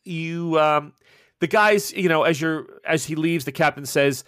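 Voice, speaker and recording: A man's voice: a little high, measured pace, fairly bright tone, smooth, no room sound, clean studio sound. A man narrating a tabletop game as game master, rambling with fillers and self-corrections.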